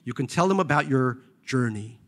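A man doing a calm, reproachful younger friend. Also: mid-range voice, close to an everyday voice. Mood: measured blunt. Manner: quiet, measured and blunt. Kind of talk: reading a novel aloud.

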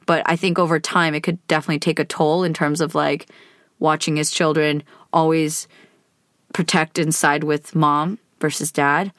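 A woman's voice: low voice, flat delivery, moderate pace, fairly bright tone, no echo, clean studio sound. Candid woman telling a personal story. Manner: candid and conversational, with frequent hedging fillers. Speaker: podcast host.

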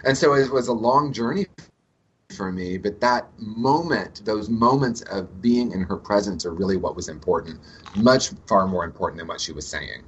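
A man's voice: lowish voice, moderate pace, slightly rough, rough recording. A man speaking as an interview guest about recovery, telling reflective spiritual stories in a conversational way. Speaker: guest, addiction recovery teacher.

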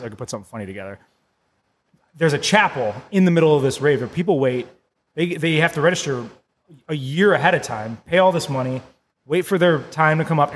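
A man co-hosting a casual podcast, telling an animated story, laughing often and acting out what people said. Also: on the high side, long reverb tail. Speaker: podcast co-host.

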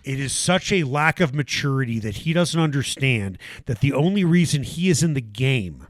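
A man hosting sports talk radio, arguing and ranting in an animated way. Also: mid-range voice, moderate pace, no echo. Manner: animated, ranting, mocking impressions.

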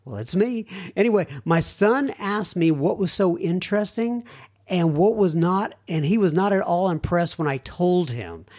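A man's voice: high-pitched, expressive, normal speed, a little mellow. A middle-aged man hosting a recovery podcast, chatting casually and reading listener emails aloud with self-deprecating asides. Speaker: podcast host.

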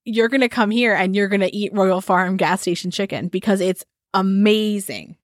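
A woman's voice: medium pitch, normal speed, no room sound. Rambling woman podcast co-host, dry mic. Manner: rambling, animated, talks with her hands. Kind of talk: casual chat. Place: home recording setup at a desk. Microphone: desk mic on a stand.

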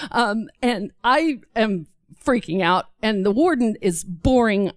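A woman's voice: mid-range voice, normal speed, no room sound, studio quality. A woman from Texas telling a true story on stage to a live audience, acting out the other people's voices as she goes. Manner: animated, acts out voices of others.

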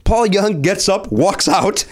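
Animated man telling a rambling story. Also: high voice, takes it slowly. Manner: animated, acts out quotes, restarts often. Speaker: storyteller guest. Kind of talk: casual anecdote.

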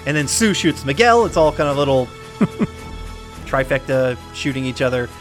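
A man co-hosting a podcast, recapping a film in casual chat, animated, with frequent laughs and rambling asides. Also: mid-range voice, normal speed, soft background music. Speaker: podcast co-host.

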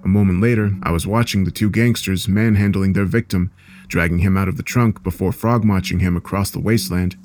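A man with a low voice reads a horror story in a measured, dark storytelling manner. Faint music plays underneath. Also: fairly even intonation. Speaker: narrator. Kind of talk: scripted horror story narration.

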